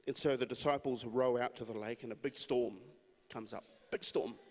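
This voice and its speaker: A man's voice: medium pitch, steady tone, moderate pace, darkish tone. A man preaching a sermon in a conversational storytelling way. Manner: conversational, storytelling with acted quotes. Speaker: pastor. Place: church hall. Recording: long hall reverb.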